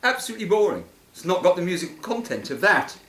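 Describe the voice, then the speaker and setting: A man teaching violin, explaining intonation in an emphatic manner and singing notes to show them. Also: fast. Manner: emphatic, animated, sings notes to show pitch. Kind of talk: instructive commentary over violin playing. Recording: echoey room with loud violin music.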